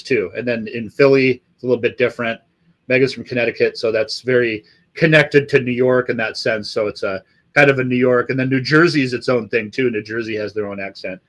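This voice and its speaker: A man's voice: medium pitch, fairly bright tone. A man from Los Angeles hosting a casual livestream, talking in a profane, rambling, enthusiastic way. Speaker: livestream host.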